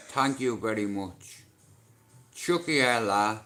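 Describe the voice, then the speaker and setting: A man's voice: mid-range voice, slow, a bit bright. A man with a Dublin Irish accent chatting casually on his live stream, rambling and swearing through jokey banter. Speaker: livestreamer.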